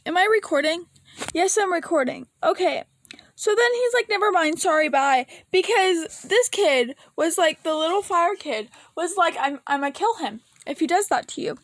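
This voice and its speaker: This is a woman with a very high-pitched, expressive voice, talking at a moderate pace with no echo. As a vlogger, she rambles emotionally and casually, cursing here and there, laughing, and occasionally sounding close to crying.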